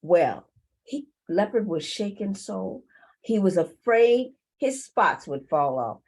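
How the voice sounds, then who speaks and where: A woman telling a folk tale to a community group in an unhurried way. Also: medium pitch, rough recording. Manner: lively, unhurried, with pauses. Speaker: storyteller.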